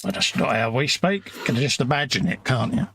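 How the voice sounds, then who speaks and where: A man's voice: mid-range voice, expressive, a little fast, vocal fry, fairly bright tone, slight background noise. A man co-hosting a live stream in casual chat, talking things over and often checking in with tag questions. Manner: conversational, leans on tag questions like "isn't it?". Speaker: livestream co-host.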